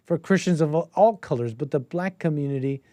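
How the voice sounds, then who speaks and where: A man's voice: a little high, expressive, brisk, warm tone, no echo, studio quality. A man hosting a casual political commentary stream, rambling, thinking aloud and laughing often. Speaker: host.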